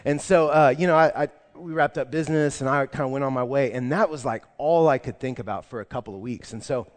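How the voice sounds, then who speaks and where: A man's voice: mid-range voice, fast. A young man preaching a sermon in a church, telling a story casually and then turning earnest. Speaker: pastor. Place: church sanctuary. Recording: long reverb of a large church room.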